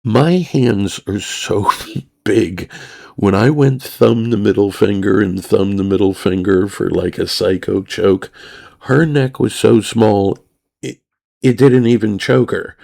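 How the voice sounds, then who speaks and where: Slow, gravelly man telling a story. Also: fairly low pitch, dark tone. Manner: rambling, blunt, acts out both sides of the story. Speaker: podcast host. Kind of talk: crude storytelling monologue.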